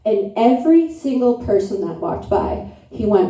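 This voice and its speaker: A woman's voice: a little high, sing-song, moderate pace, mellow. Brash woman doing crude stand-up. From upstate New York. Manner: brash, crude, self-mocking, chatting with the crowd. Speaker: stand-up comedian. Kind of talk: stand-up comedy set. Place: comedy club stage. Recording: echoey room, mic from a distance.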